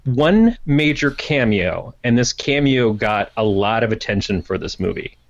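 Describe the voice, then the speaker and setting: A man's voice: lowish voice, expressive, a little slow, gravelly, lo-fi sound. A man hosting a casual movie talk, cracking dry jokes and restarting his sentences. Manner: dry wisecracks, hesitant restarts. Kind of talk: casual chat.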